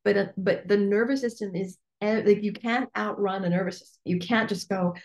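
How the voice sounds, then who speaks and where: A woman's voice: medium pitch, fairly quick. Candid, laughing woman coach in an echoey room. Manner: candid and lively, laughs often, swears casually. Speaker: business coach hosting a group call. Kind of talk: casual coaching talk.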